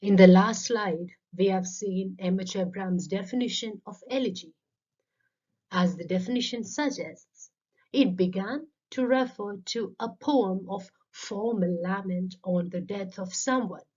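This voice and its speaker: Speaking a little slowly in a medium-pitched, somewhat mellow voice, a literature teacher delivers scripted lecture narration. She explains terms methodically, one at a time, over a dull lo-fi voice-over recording.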